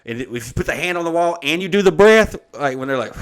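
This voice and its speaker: A man's voice: fairly high pitch, expressive, fast, clean tone. Rambling, profane man in his thirties. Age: 30s. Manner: rambling, profane, laid-back. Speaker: podcast co-host. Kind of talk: casual storytelling chat.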